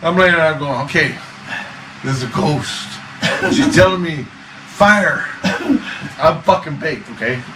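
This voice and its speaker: A man's voice: fairly high pitch, moderate pace. A man telling a wild personal story in a casual interview, swearing, laughing often and acting out voices. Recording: echoey room, far from mic, noisy.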